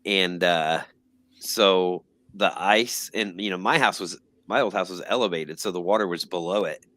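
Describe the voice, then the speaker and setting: A man's voice: low voice, normal speed, fairly bright tone, no echo. A man co-hosting a podcast, telling stories in casual conversation. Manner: storytelling, conversational. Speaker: podcast co-host. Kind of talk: casual chat.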